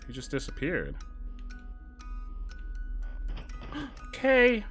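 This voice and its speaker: A young man streaming a game, joking with chat and swinging between loud outbursts and quiet mumbling. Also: medium pitch, very animated, moderate pace, faint music behind. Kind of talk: livestream gameplay commentary.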